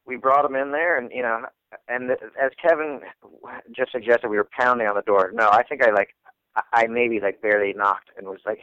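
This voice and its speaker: A man, a guest comedian, telling a story in casual, animated talk, swearing freely and acting out the people in it. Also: medium pitch, a little fast, dry recording, muffled recording.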